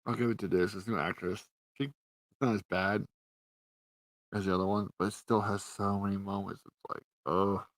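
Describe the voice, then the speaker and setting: A man's voice: fairly low pitch, level tone, a little fast, dry recording, poor audio. A man ranting sarcastically and profanely in a casual review, a little tipsy. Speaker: TV show reviewer.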